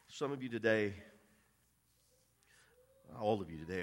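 A man preaching a sermon as pastor, talking conversationally, often repeating his opening words and swinging from hushed asides to loud emphasis. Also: lowish voice, lively intonation, measured pace, pauses often. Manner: repeats words when starting sentences.

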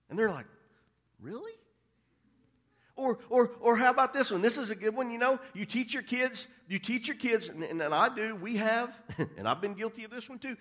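A man preaching a sermon as pastor, talking conversationally, often repeating his opening words and swinging from hushed asides to loud emphasis. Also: sits high. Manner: repeats words when starting sentences.

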